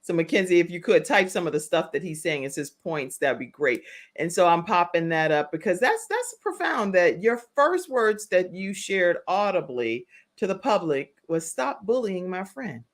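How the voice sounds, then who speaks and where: A woman's voice: lowish voice, sing-song, moderate pace. A woman hosting a talk show interview who chats easily, encourages her guest and sums up his points. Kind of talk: interview conversation.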